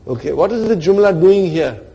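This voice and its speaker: Raised-pitch man teaching grammar. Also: lively intonation, brisk, warm tone, breathy edge, muffled recording. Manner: checks in often with "are you with me" and "brother"; explains step by step with rhetorical questions. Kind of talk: classroom lecture.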